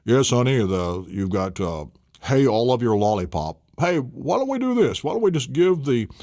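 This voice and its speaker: A man voicing a gentle, patient father, soothing and reassuring. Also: medium pitch, big pitch swings, normal speed, dry recording, clean studio sound.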